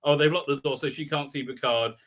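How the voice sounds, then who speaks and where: A man's voice: a little high, steady tone, quick pace, a bit bright. A man casually recapping a TV episode on a live stream, mocking it and acting out lines in silly voices, with lots of "uh"s and restarts. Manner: mocking, acts out quotes in funny voices, many fillers and restarts.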